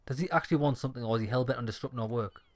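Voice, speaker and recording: A man's voice: mid-range voice, rapid-fire. A man playing a story game, reading its dialogue aloud with sweary, sarcastic asides. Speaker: gaming streamer. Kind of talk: let's-play reading and commentary.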